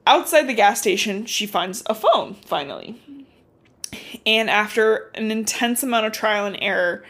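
Young woman co-host, casual, animated recap, lots of fillers. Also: mid-range voice, normal speed. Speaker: podcast co-host. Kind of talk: casual book recap chat.

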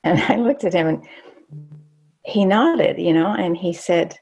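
An older woman recounting a memory from her own life, her voice low and touched with a gravelly fry. She talks candidly and reflectively, pausing and restarting as she recalls. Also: animated, a little mellow. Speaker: storyteller. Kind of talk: personal storytelling.

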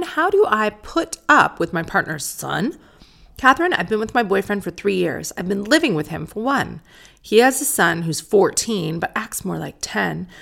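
A woman talks through a casual solo podcast, candid and sardonic and not shy of swearing. Her voice sits on the low side and carries a steady gravelly fry. She reads listener letters in the same easy, blunt way she chats. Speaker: podcast host.

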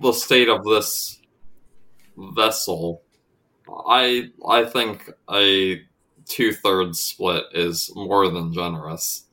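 A man's voice: sits low, steady tone, very slow, pushed and bright. A man playing a tabletop game, bargaining skeptically. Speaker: player.

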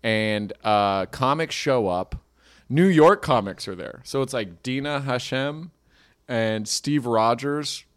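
A man's voice: medium pitch, takes it slowly, clear, resonant tone. A young man, a comedian and podcast host, telling a rambling, self-mocking story in casual chat.

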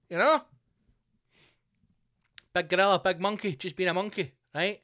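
A man hosting a podcast, telling stories in a profane, animated comic rant full of mock outrage. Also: high voice, normal speed, long pauses. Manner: swears constantly, mock outrage. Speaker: podcast host. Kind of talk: comedic rant.

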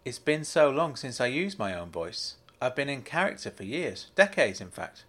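Calm older con artist read by a man, measured, explanatory, mid-pitched. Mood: confiding.

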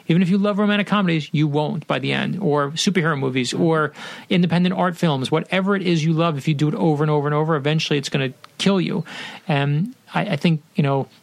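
A middle-aged man, an author guest, telling a story in an animated, earnest and motivational way. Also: a little high, gravelly, no room sound. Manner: animated, acts out quotes in the story. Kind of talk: conversational storytelling.

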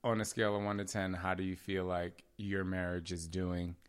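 A man and father chatting casually on a podcast with his husband, telling lively family stories and laughing often. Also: low-pitched, moderate pace, clean tone. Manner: animated storytelling, acts out voices in quotes, laughs often. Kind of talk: casual couple chat.

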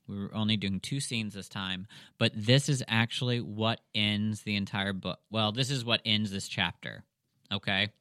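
Smooth low-voiced man chatting. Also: fairly even intonation, measured pace, pushed and bright, no echo, clean studio sound. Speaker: podcast co-host. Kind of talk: casual book discussion and dramatic reading.

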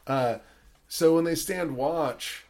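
A man's voice: on the high side, slow pace, gravelly, darkish tone. Male podcast host, loose rambling delivery, heavy fillers, casual profanity. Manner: rambling, swears a lot, many fillers. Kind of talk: casual chat.

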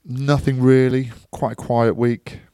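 A man's voice: mid-range voice, level tone, a little slow, warm tone, smooth, dry recording. A man co-hosting a podcast, talking in a laid-back, chatty way. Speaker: podcast co-host. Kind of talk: casual chat.

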